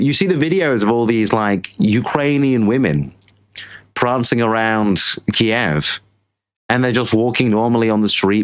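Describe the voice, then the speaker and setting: A British man hosting a political show, ranting in casual commentary and repeating himself. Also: lowish voice. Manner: ranting, repetitive, mocking put-on voices. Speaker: show host.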